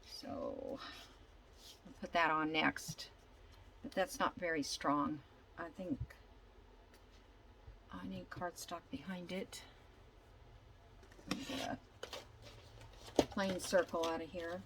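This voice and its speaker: A woman's voice: on the low side, takes it slowly, long pauses, a bit bright, a little hiss or hum, rough recording. An older woman chatting casually as she works on a craft project, thinking aloud and telling a long, rambling story. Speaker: junk journal crafter.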